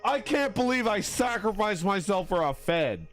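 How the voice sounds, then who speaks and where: A man talks casually on a live game stream, joking and teasing his chat. His voice sits a little high and swings around a lot as he talks. Faint game music plays underneath. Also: very animated, moderate pace. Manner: playful and teasing, bursts into high squeaks and laughter.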